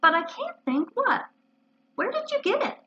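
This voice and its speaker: A woman voicing a humble, simple-minded male toy bear in a storybook reading, speaking slowly and earnestly, on a dull lo-fi recording. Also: very high voice, very animated, sharp tone, voice pushed up, heavily acted. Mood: solemn. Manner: slow, earnest and wistful.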